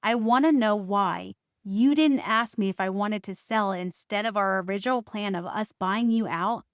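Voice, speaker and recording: A woman's voice: medium pitch, normal speed, dry recording, clean studio sound. A woman podcast host telling a personal family story as a monologue, recounting arguments by quoting both sides with emphatic stresses.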